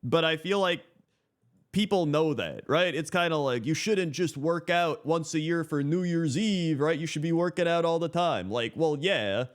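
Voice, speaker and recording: A man's voice: a little high, normal speed. A man hosting a casual reaction commentary, thinking aloud and often checking in with "right?". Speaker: reaction channel host.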